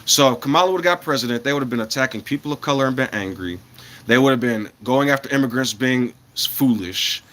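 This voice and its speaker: A man in his thirties chatting casually to his livestream audience, rambling from point to point, chuckling often and swinging between loud bursts and mumbled asides. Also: mid-range voice, fast, slight background noise. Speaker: livestreamer talking to chat.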